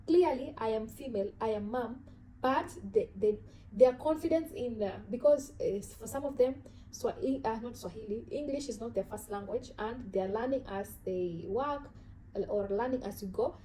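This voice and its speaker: A woman's voice: fairly high pitch, normal speed, mellow, slight background noise, poor audio. A woman with an African accent, talking casually to camera about self-growth in an earnest, reflective way, often restarting and repeating words. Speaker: vlogger.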